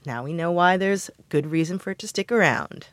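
A woman's voice: on the low side, lively intonation, brisk, a little hiss or hum. A woman co-hosting a show, chatting casually with lots of fillers. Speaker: co-host. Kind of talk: casual chat.

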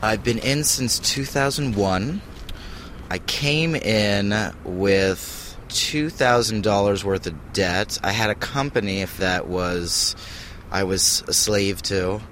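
Casting: low-pitched man guest, halting and searching for words, faint outdoor noise. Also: fairly bright tone. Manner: hesitant, repeats words while thinking. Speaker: interview guest. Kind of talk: interview answers. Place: outdoors on a hiking trail.

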